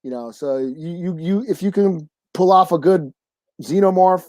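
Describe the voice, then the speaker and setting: A podcast co-host casually reviewing a comic, talking in a halting way with restarts and casual swearing. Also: mid-range voice, darkish tone, no room sound.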